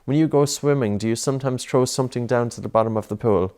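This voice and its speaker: A man coaching a child through breathing exercises, patient and encouraging, with many gentle repeated prompts. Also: medium pitch, fast talker.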